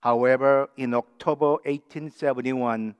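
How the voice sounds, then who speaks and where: A man preaching a sermon as pastor, leaning on single words one at a time with slow, deliberate emphasis. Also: mid-range voice, steady tone, clear, resonant tone, in a large hall. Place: church sanctuary.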